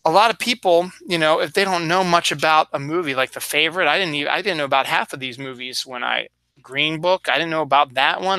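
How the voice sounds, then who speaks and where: A man's voice: on the high side, sharp tone, clean tone, dry recording. A man hosting his own show in a loose, rambling solo chat, acting out little asides as he goes. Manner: rambling, chatty, acts out little quoted asides. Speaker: podcast host.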